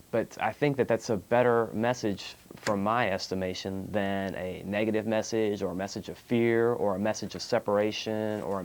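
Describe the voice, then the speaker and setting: A man's voice: on the low side, darkish tone, slight background noise. Rambling man hosting a call-in spiritual show. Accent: Texan. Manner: meandering, many fillers and restarts; clears throat often. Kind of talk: unscripted spiritual talk.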